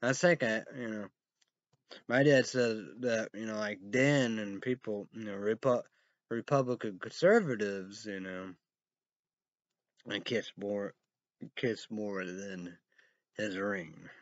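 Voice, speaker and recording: Man, slow rambling talk, reads headlines then rants, dry dull recording. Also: fairly low pitch, dry recording. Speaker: vlogger reading headlines. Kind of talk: rambling casual commentary on news.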